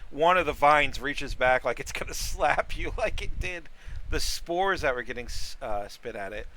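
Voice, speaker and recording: A man narrating as game master, describing scenes in a halting way with many fillers. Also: mid-range voice, animated, pushed and bright, slight background noise, poor audio.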